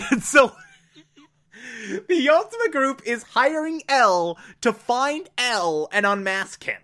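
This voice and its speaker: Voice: medium pitch, sing-song, takes it slowly, sharp tone. A podcast host giving a chatty, laughing episode recap full of filler words.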